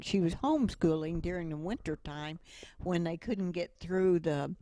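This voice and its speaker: A middle-aged woman giving a motivational talk with stories, speaking slowly and deliberately. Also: lowish voice, dark tone, dry recording. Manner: slow and deliberate, with acted quotes. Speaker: inspirational speaker.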